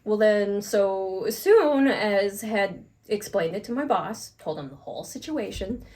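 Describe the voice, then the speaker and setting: A woman co-hosting a podcast, telling a workplace story in a frank, animated way and swearing casually. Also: medium pitch, a little slow, slight background noise. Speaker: podcast co-host.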